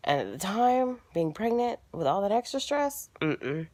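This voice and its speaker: A young adult woman, pregnant, telling a story casually to her viewers, dropping into hushed asides now and then. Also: on the high side, a little slow, dry recording. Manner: animated, drops to hushed asides. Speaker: vlogger.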